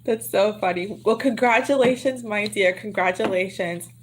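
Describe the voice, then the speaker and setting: A woman hosts a tarot reading livestream in a loose, laughing chat with her viewers. Her voice sits in a middle pitch and her throat sounds a little worn. Clear background noise runs under the home recording. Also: normal speed. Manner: chatty, laughs often, teasing; lowers her voice to a hush. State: throat getting sore. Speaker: tarot reader.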